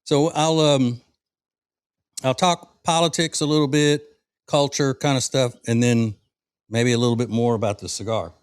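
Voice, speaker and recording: A man's voice: mid-range voice, steady tone, clear, resonant tone, dry recording. Folksy man with a dry close sound. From American South. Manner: rambling, folksy, halting with fillers. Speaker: podcast host. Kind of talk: casual cigar-smoking chat.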